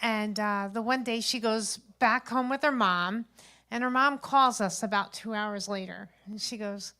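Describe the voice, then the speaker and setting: A woman, a grandmother around her fifties, tells a chatty, animated stand-up story at an open mic, acting out the people in it. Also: mid-range voice, a little slow. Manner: chatty, animated retelling with acted-out quotes. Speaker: stand-up comedian. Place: open mic stage at a local venue.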